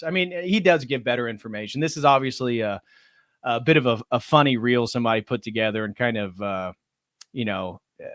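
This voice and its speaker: A man's voice: mid-range voice, a bit bright, dry recording, studio quality. A man hosting a casual livestream chat, talking in a chatty, amused way and laughing often. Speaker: host.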